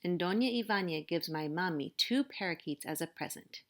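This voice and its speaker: A woman's voice: lowish voice, lively intonation, moderate pace. A woman teacher reading a picture book aloud, narrating expressively. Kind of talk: storybook read-aloud.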